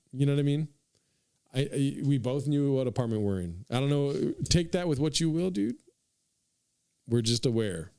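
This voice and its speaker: A man's voice: medium pitch, a little mellow, smooth, no room sound, clean studio sound. A young man hosting a podcast, telling a comic story in a rambling, profane way, full of "dude" and asides to his listeners. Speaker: podcast host. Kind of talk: casual comedic storytelling.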